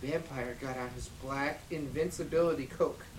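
A woman's voice: rumbling low, steady tone, moderate pace, background noise. A woman podcast host reading fan fiction aloud in a giggly, theatrical way at home in a dining room. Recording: echoey room, mic at a distance.

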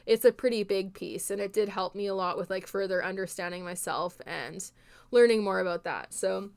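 A woman with a smooth, clear voice talks through a casual podcast monologue. She rambles earnestly and leans on filler words as she hosts the show. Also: mid-range voice, moderate pace. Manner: rambling, heartfelt, filler-heavy speech. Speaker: podcast host and horse trainer.

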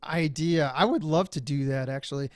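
A man guesting on a podcast over a remote call, easygoing and a bit halting, often laughing. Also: a little high, no room sound, studio quality. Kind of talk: casual podcast chat. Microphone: remote call from a cabin.

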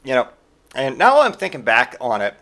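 A man's voice: mid-range voice, wildly swooping pitch, moderate pace, bright, forceful tone. A man in his forties hosting a podcast, delivering a sarcastic, profane comedic rant in casual monologue. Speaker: podcast host.

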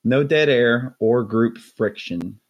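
A chatty fan reading his own letter in a thick, salty Boston Southie accent, as a podcast host puts him on. The voice sits at an ordinary middle pitch and runs along at an easy reading pace. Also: slow pace, highs cut off. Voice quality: exaggerated salty Southie drawl. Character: listener writing in, read aloud, adult man. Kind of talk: reading a listener letter aloud.

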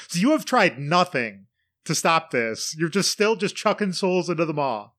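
A man's voice: sits high, lively intonation, normal speed, bright, forceful tone. A man co-hosting a podcast, chatting casually and animatedly about a video game, laughing and swearing. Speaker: podcast co-host. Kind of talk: casual gaming chat.

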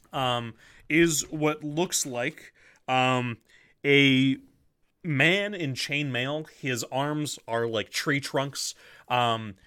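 A man's voice: medium pitch, sharp tone. A man narrating as game master of a tabletop game, hesitant, with many ums and restarts.

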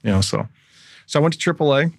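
A man's voice: a little high, expressive, fast, gravelly, dry recording, clean studio sound. A man in his thirties, a former pro athlete as podcast guest, telling a long story casually and acting out the people he quotes.

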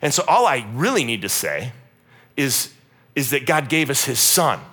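Bright, animated preacher man. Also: mid-range voice, moderate pace, breathy edge. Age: 40s. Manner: animated, humorous, acts out quotes. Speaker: pastor. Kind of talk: sermon. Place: church.

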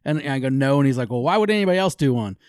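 A man's voice: medium pitch, lively intonation, racing, darkish tone, clean tone, no room sound, clean studio sound. A man hosting a podcast, teasing his guest and talking about his kid in casual, profane chat. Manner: wry, teasing, swears casually. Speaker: podcast host.

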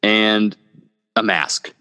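A laid-back man with a low voice chats casually as a podcast co-host and swears freely. His voice trails off into a long reverb. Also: drawn-out words, bright, forceful tone, clear, resonant tone. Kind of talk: casual chat.

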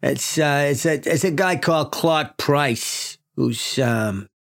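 A man voicing a gruff middle-aged police chief with a put-on New York accent, brash and bossy, with wheezy sighs. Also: fairly high pitch, slow, fairly bright tone, full character voice. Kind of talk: tabletop game character voice.

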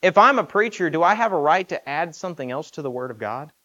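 A man's voice: a little high, expressive, fast talker, pushed and bright, muffled recording. A man preaching a sermon in an earnest, emphatic way, asking rhetorical questions.

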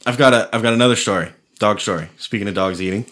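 In a casual chat among friends, a man tells loose, laid-back stories, cursing freely and saying "like" a lot amid other filler words. His voice is lowish with a fairly bright tone, and he speaks at a quick pace.

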